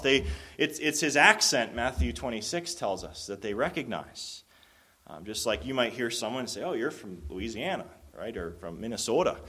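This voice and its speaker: A man's voice: medium pitch, sharp tone. A man preaching a sermon, explaining a Bible passage in an earnest, conversational way with frequent restarts. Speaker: pastor.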